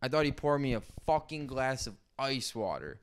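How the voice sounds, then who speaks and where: A young man hosting a podcast, telling an animated story in casual chat and swearing freely. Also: mid-range voice, normal speed, slight background noise. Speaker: podcast host.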